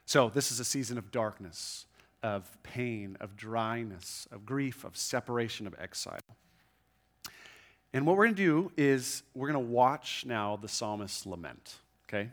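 Male pastor, mid-pitched, earnest and conversational sermon delivery, with slow, soft scripture readings. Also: expressive. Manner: earnest, conversational, frequent restarts and "right?" tags; reads scripture slowly and softly. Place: church room with a congregation.

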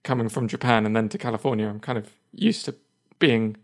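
A man with an English accent, chatting casually as a podcast co-host in a measured, thoughtful way. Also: lowish voice, steady tone. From England. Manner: measured, thoughtful, with short agreeing interjections. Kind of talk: casual chat.

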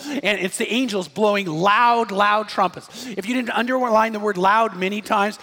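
A man's voice: sits high, fairly bright tone, in a large hall. A man, a pastor, preaching a sermon, telling a story with emphatic bursts on key points.

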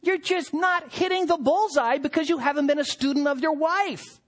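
A man's voice: extremely high pitch, normal speed. A man preaching a sermon to husbands, with a joking, storytelling delivery. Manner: humorous, animated storytelling. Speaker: pastor.

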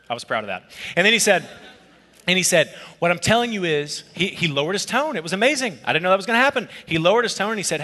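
Bright-voiced male pastor in a reverberant hall. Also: high voice, fast talker. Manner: animated, conversational storytelling with asides. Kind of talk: sermon with personal story.

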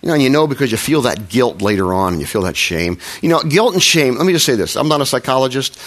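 A middle-aged pastor preaches a sermon in a mid-range, slightly bright voice, very animated and quick. He talks conversationally and pokes fun at himself, frequently restarting sentences and acting out little quotes.

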